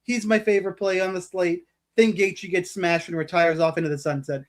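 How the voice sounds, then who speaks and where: Man, podcast host, teasing, quick, high voice. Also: steady tone. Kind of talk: casual podcast hosting.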